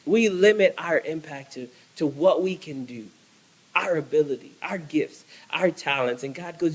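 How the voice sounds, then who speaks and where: A man's voice: a little high, measured pace, husky, poor audio. A male pastor preaching a sermon, emphatic and repetitive, restarting phrases as he builds.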